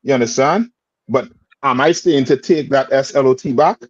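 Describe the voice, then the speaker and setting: A man's voice: mid-range voice, moderate pace, slightly rough, dry recording. Male religious teacher, streetwise and repetitive, in a dull, dry recording. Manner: repetitive questioning, streetwise phrasing. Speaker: class teacher.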